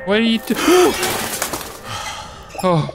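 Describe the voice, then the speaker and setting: A man giving casual, profane, excitable commentary while playing a video game. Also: extremely high pitch, slow pace, gravelly. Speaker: let's play gamer. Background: game music.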